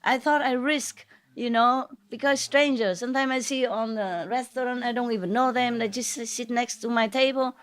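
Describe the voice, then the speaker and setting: A woman's voice: a little high, normal speed. A woman spiritual teacher telling a gathering informal stories, in non-native English with dropped grammar and many fillers. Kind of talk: informal storytelling talk to a gathering.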